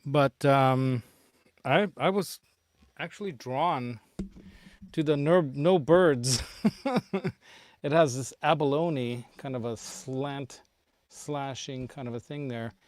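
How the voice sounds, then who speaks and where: A man's voice: medium pitch, slow, long pauses, a little mellow, no room sound. A middle-aged man hosting a casual livestream from his home studio, rambling with a lot of fillers and chuckles. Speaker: show host.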